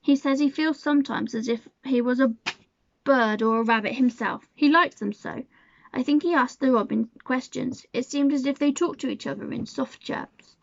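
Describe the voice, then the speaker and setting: A woman's voice: high-pitched, moderate pace, vocal fry, dry recording. A woman reading a storybook aloud and voicing an outspoken, wilful young girl in an earnest, insistent way. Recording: dull lo-fi sound.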